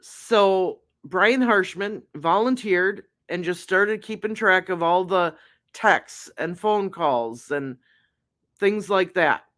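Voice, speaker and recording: A woman's voice: on the low side, lively intonation, takes it slowly, a bit bright. A woman hosting a live-stream recap of a trial, chatting unhurriedly with her viewers. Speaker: true crime livestream host.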